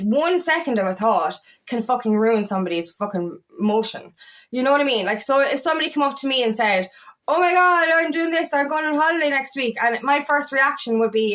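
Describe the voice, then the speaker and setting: A feminine empowerment coach with a higher voice talks casually to camera. She is blunt and heated, swears often, and goes off on animated rants.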